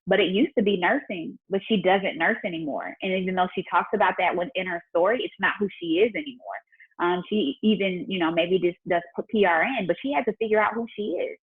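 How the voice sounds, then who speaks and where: A woman with a husky, breathy voice chats openly and warmly about faith and business, speaking straight to her followers. The audio is thin and tinny, like a phone call. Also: on the low side, brisk. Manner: chatty and faith-driven, talking straight to viewers. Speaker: entrepreneur and business mentor. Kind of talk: casual livestream Q&A chat.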